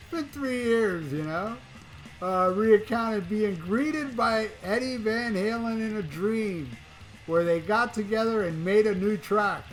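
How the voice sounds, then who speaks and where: A man giving casual rock news commentary as a YouTuber, profane and mocking, often chuckling. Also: high-pitched.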